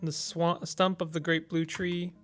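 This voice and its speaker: A man's voice: a little high, level tone, unhurried, a bit bright, soft background music. A man casually commenting as he plays a text-based strategy game, reading its text aloud and thinking through his moves with small hesitations.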